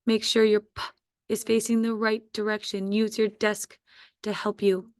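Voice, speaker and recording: A woman teacher giving a slow, patient spelling dictation to first graders. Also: medium pitch, flat delivery, clean tone, dry recording, clean studio sound. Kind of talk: spelling quiz dictation for young students.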